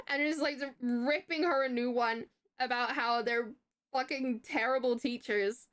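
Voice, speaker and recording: A young woman streamer telling a story in casual chat, animated and profane, laughing and stumbling over her words. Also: high-pitched, unhurried.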